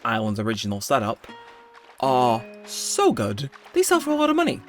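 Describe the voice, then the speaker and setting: Guy chatting over his game, super animated voice, rambles, gets excited easy. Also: mid-range voice. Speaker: gaming video host. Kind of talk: casual gameplay commentary.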